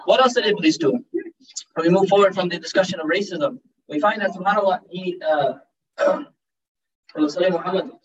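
A man's voice: sits high, moderate pace. A young man giving an informal religious lecture, conversational and joking, dropping in Urdu and Arabic phrases. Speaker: Islamic teacher giving a talk. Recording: dull distant recording.

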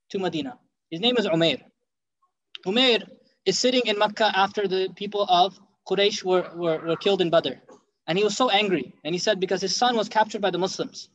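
Fast, high-voiced man telling a story. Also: poor audio. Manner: animated, acts out quotes in the story. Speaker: religious teacher. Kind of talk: storytelling lesson.

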